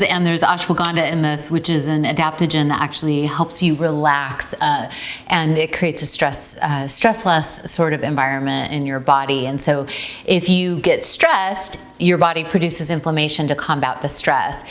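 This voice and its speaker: A woman's voice: sits low, normal speed. A middle-aged woman from Ukraine, the founder of a tea company, demonstrating a recipe in a chatty way with many ums. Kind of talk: casual recipe demo.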